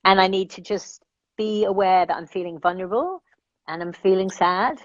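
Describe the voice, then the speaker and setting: A woman's voice: medium pitch, normal speed, no echo, highs cut off. A woman life coach speaking as a guest in an interview, earnest and reflective, thinking aloud and checking that the listener follows her.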